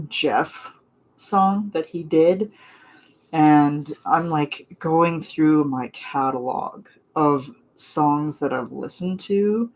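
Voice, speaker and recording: A non-binary young adult streamer talks casually with viewers in a mid-range voice. They gush, ramble and fill gaps with little laughs and "um"s. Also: mid-range voice. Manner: gushing, chatty, rambling with fillers and laughs. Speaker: vlogger chatting with viewers. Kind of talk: casual live chat.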